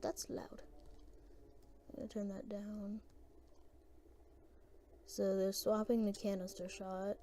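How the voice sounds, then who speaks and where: Woman, casual gameplay commentator; soft, mellow tone, unhurried and meandering delivery. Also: medium pitch, little pitch movement, slight background noise. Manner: rambling, hesitant, thinking aloud.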